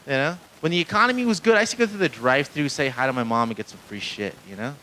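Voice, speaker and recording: A man's voice: mid-range voice, expressive, very fast, bright, forceful tone, low-quality recording. A stand-up comedian, a man with an ordinary mid-range voice, works a small club crowd from a handheld mic. He rambles, pokes fun at himself and curses freely between jokes, and a faint hiss sits under the live recording. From Mexican-American family. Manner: rambling, self-deprecating, crowd work with frequent profanity.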